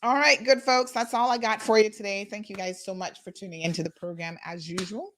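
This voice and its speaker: A woman's voice: medium pitch, fairly even intonation, fairly quick, fairly bright tone. Chatty woman host. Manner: chatty, sassy asides to viewers. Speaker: talk show host. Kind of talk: casual commentary.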